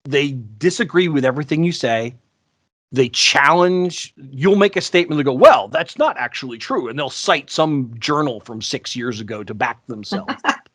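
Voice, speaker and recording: A man co-hosting a podcast, telling sales stories in a casual, animated way and acting out the people he quotes. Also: on the high side, moderate pace, no room sound. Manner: animated, acts out quoted voices. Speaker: podcast co-host. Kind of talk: casual storytelling chat.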